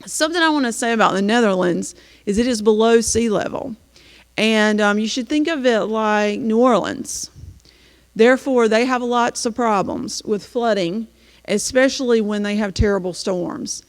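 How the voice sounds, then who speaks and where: A woman's voice: on the high side, normal speed. Chatty woman in echoing hall. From North Carolina, US. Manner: chatty storytelling with frequent "um"s. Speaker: teacher presenting to an audience. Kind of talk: slideshow presentation. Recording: long hall reverb.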